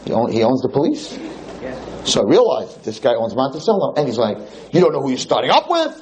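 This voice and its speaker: A man's voice: mid-range voice, a little fast, slight background noise, poor audio. A man, a rabbi, telling a story in a lecture and acting out the other people in it. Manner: animated storyteller, acts out quotes.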